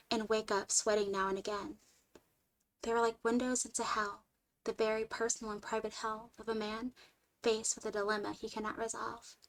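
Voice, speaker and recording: Woman reading a story out loud, fairly high voice, expressive, goes lively then hushed. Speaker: streamer reading a story aloud.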